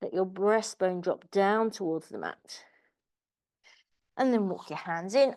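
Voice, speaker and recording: A woman's voice: mid-range voice, unhurried, pauses often, darkish tone. A woman teaching a live online pilates class, cueing moves with chirpy encouragement and chatty asides. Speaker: pilates instructor.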